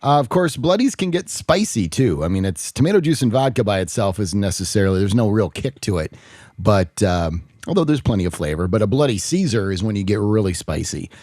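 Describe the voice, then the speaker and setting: A man's voice: on the low side, big pitch swings, a little fast, darkish tone, dry recording, studio quality. A man co-hosting a podcast, jokey and anecdotal. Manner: jokey, anecdotal, laughs often. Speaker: podcast co-host. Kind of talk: casual podcast chat.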